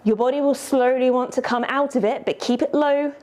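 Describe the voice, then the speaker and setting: A yoga teacher with a high, somewhat dark voice leads an instructional class, encouraging students through each pose step by step. She talks fairly quickly and sounds slightly out of breath as she moves.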